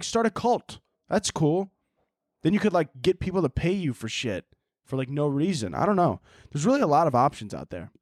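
Profane, sarcastic man with lively pitch. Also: no room sound, clean studio sound. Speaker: podcast host. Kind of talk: casual advice segment.

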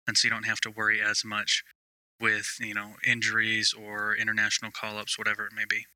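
A man co-hosts a soccer podcast in a sharply bright, tense voice. The sound is dry and close, with no room around it. He talks through his points carefully and at length. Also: fairly low pitch, monotone, a little fast, no room sound, rough recording. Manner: thoughtful, explaining at length. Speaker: podcast co-host. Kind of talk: casual sports chat.

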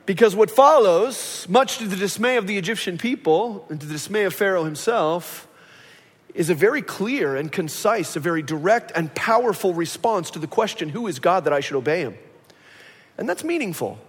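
This is a pastor in mid-sermon, a man with a notably high voice who tells stories with animation. He jumps between a plain speaking tone and acted quotations of the people in his stories. The sound carries a long, lingering reverb, as from a large church sanctuary. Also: moderate pace, breathy edge. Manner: animated storytelling, acts out quoted voices.

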